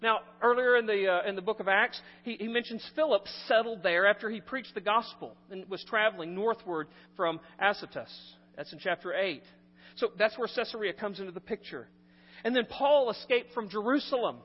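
High-voiced man preaching in a hall. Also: brisk. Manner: animated, swings between loud emphasis and quiet asides. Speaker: pastor. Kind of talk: sermon. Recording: muffled recording in a reverberant hall.

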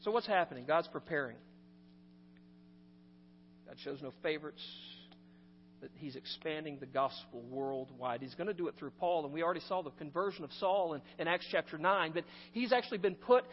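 Man, pastor, sermon, animated loud and soft swings, long church reverb, dull muffled sound. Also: fairly high pitch, moderate pace, a little hiss or hum. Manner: animated, swings between loud emphasis and quiet asides. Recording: muffled recording in a reverberant hall.

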